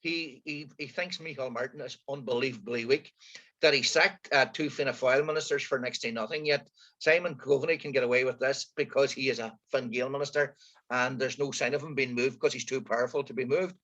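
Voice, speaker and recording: A man co-hosting a casual political chat, hesitant and halting with many restarts. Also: medium pitch, steady tone, a bit bright. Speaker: co-host of a current affairs podcast. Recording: muffled lo-fi audio.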